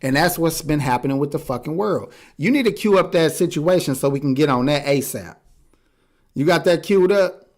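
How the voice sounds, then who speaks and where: A man's voice: on the high side, normal speed. A man co-hosting a podcast in casual chat, ranting bluntly and swearing freely. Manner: animated, profane, blunt ranting. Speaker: podcast co-host.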